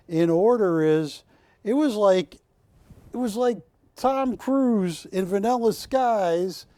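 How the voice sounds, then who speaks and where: Slow, rambling TV shopping host man. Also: sits high, dark tone, no echo. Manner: rambling, jokey, self-correcting. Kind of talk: live sales pitch. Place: TV shopping studio.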